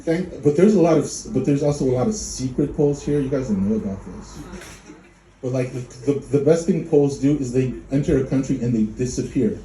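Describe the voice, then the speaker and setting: A man from Poland in his thirties performing a stand-up comedy set at a club, deadpan and dark, slipping into mocking voices. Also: mid-range voice, brisk, a little hiss or hum. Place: comedy club before a live audience. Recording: echoey room with crowd laughter.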